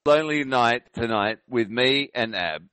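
A man co-hosting an internet radio show, chatting casually in a rambling, halting way. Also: mid-range voice, bright, forceful tone, clean tone, dry recording.

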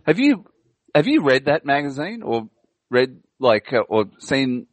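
A man co-hosts a casual podcast, talking in a rambling, indignant way and stopping often on fillers. His voice sits at an ordinary pitch and sounds close and dry, with no room around it. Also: sing-song, measured pace, dry recording. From Australia. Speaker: podcast co-host. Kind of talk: casual chat.

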